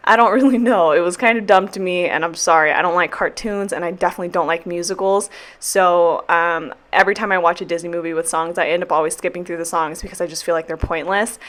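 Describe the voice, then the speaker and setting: A woman's voice: lowish voice, steady tone, fast talker, few pauses, a bit bright. A young woman talking casually through her weekly planner, rambling, swearing freely and joking apologies as she goes. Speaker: planner vlogger and teacher. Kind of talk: casual chat while sticker planning.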